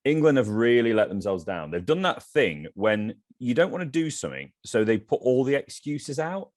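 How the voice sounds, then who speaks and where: A man's voice: mid-range voice, very animated, moderate pace, a little mellow, no echo. A man co-hosting a cricket podcast, giving blunt, opinionated takes in casual chat. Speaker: podcast co-host.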